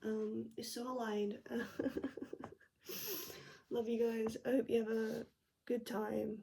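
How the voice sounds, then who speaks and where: An English woman reads tarot in a chatty, reassuring way, full of fillers and 'mate'. Her voice sits fairly high but is thick with vocal fry. The tone is mellow rather than bright. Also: steady tone, slow, pauses often, a little hiss or hum, poor audio. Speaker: tarot reader. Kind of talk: casual tarot reading vlog.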